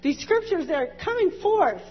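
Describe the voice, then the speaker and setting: A woman's voice: extremely high pitch, sing-song, unhurried. Emotional woman giving testimony, echoing hall. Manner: emotional, laughs and tearful at times. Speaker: church member giving testimony. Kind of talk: personal testimony. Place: church sanctuary. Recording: dull lo-fi church recording with long reverb.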